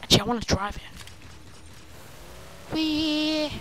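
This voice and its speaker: A woman giving playful, excitable commentary over her own gameplay, breaking into silly chatter and squealing outbursts. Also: medium pitch, moderate pace, slight background noise. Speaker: gaming video creator.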